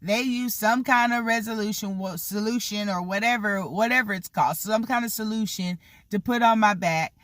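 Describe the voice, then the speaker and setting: A person in their thirties telling childhood stories in a casual vlog, animated and swearing freely, with lots of "like" and "you know". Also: mid-range voice, normal speed, no echo. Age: 30s. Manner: animated, swears freely, acts out the people in the story; heavy use of "like" and "you know" fillers. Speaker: vlogger telling a story.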